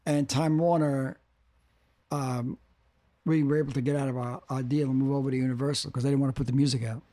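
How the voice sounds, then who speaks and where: An older man, a music executive, in a casual interview, talking in halting bursts that repeat words. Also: mid-range voice, little pitch movement, warm tone.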